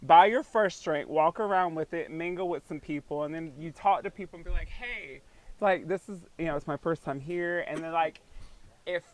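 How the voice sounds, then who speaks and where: High-voiced animated male podcast host. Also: a little fast, rough recording. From North Carolina. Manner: animated storyteller, laughs often, acts out quotes. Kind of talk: casual chat.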